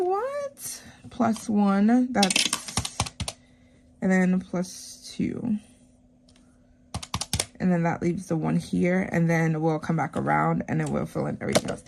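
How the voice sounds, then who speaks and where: Woman teacher vlogging while she stuffs cash envelopes, chatty and animated, lots of "like" and "um". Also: on the low side, vocal fry, noisy background. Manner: chatty, animated retelling with many fillers.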